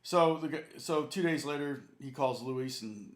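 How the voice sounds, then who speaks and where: A man with a middle-pitched voice tells a long story during a guitar lesson. He rambles, stops to fix names and details, and chuckles as he goes. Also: unhurried. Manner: rambling, self-correcting, chuckling anecdote. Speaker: guitar teacher and channel host.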